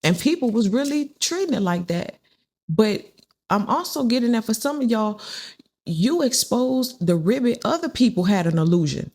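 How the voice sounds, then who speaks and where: A woman's voice: on the high side, animated, moderate pace, darkish tone. A woman giving a casual spiritual tarot reading, chatty and repetitive, often acting out the people she describes. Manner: chatty, repeats phrases, acts out quoted people. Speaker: tarot reader.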